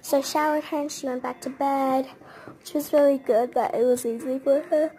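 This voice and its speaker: A woman with a high voice rambles through a casual storytime, padding her sentences with "like" and quick asides. Her delivery is chatty and unpolished, the way someone talks when recounting a long night. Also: fairly even intonation, dark tone. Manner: chatty, rambling, many "like" fillers.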